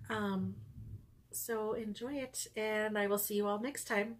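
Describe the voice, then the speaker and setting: A woman's voice: medium pitch, fairly even intonation, a little slow, slight background noise. A woman hosting her knitting podcast, chatting casually and upbeat from home with frequent ums and little laughs. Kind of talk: casual knitting vlog chat.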